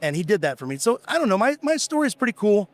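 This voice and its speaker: A man's voice: sits high, sing-song, very fast. A middle-aged American man, a business founder, casually telling rambling stories with quoted dialogue in a podcast interview. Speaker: guest, tool company founder.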